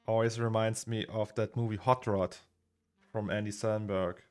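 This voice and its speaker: Streaming from a home studio with faint music behind him, this thirty-something German man rambles casually, reads chat names aloud and keeps chuckling. His pitch is fairly low, his delivery flat, and his smooth, slightly mellow voice moves at a normal speed.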